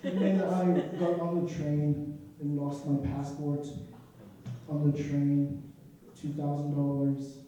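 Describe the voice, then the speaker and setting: A young man with an African accent telling his own story to a live audience, animated, laughing often and acting out what people said. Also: fairly high pitch, slow pace, a little hiss or hum. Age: young adult. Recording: echoey room picked up from a distance.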